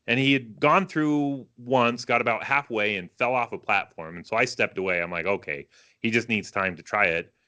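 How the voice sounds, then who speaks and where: Casting: man in his thirties, bright forceful tone, loose rambling podcast delivery. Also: mid-range voice. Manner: rambling, self-correcting explanations. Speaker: podcast co-host. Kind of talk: casual chat.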